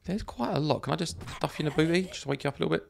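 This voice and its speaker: A man's voice: fairly high pitch, rapid-fire, vocal fry, slight background noise. A man chatting casually while he plays a zombie survival game, thinking aloud and laughing often. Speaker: gaming YouTuber. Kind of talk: let's play commentary.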